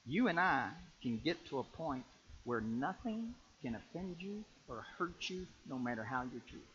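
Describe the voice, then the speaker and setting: A man preaching as pastor, in a folksy, animated storytelling way that jumps to loud peaks. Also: mid-range voice, moderate pace, highs cut off, slight background noise. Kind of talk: sermon.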